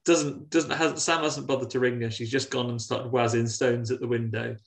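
Brit podcast co-host, animated recapper who acts out the characters' lines. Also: male voice, medium pitch, normal speed, gravelly. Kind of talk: casual chat recapping a film.

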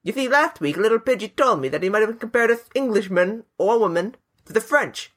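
Man as blustery Cockney Englishman, mock-stern podcast bit, lively pitch. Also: fairly quick. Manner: mock-pompous, laughing through it. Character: blustery middle-aged English gent. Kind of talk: podcast banter.

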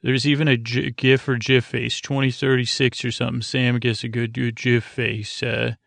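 A man drones through a sleepy recap, his voice level and flat with a gravelly fry underneath. He wanders, restarts and pads his sentences with filler. The sound is dry and close, with no room around it. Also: medium pitch, no room sound. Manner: meandering, many fillers and restarts; droning, unhurried delivery. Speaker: podcast host. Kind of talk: rambling sleep-podcast TV recap.

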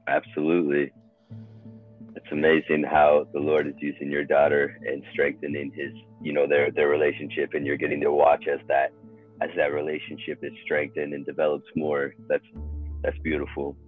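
Very deep, husky male host. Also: normal speed. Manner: calm, affirming responses. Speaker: podcast host. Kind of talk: conversational podcast interview. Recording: tinny phone-like line with faint music.

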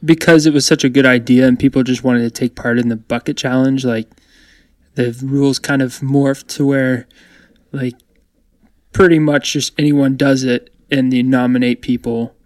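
A man's voice: mid-range voice, flat delivery, moderate pace, a little mellow, dry recording. A young man in casual chat as a co-host, upbeat and joking, with a theatrical streak.

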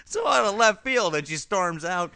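A man's voice: high-pitched, expressive, normal speed, creaky, noisy background. A man casually recapping a TV episode for a podcast, acting out characters' lines and laughing often. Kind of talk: casual comedic recap chat.

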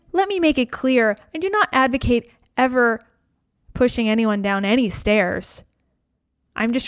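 A woman's voice: fairly high pitch, no echo, studio quality. A woman hosting a podcast, speaking in a reflective, conversational way and repeating phrases for emphasis. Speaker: podcast host. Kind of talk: casual podcast monologue on yoga and wellness.

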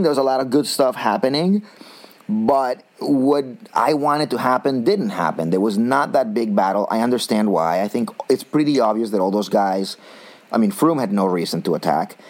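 A man hosting a casual cycling talk, chatty and self-mocking, with many restarts and pauses. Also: medium pitch, a little mellow. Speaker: cycling podcast host. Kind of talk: casual chat.

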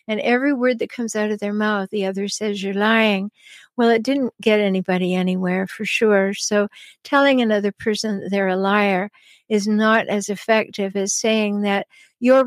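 A woman hosting an advice podcast, answering listener questions in a calm, chatty way with frequent ums and small laughs. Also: mid-range voice, no echo. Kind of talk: advice talk show.

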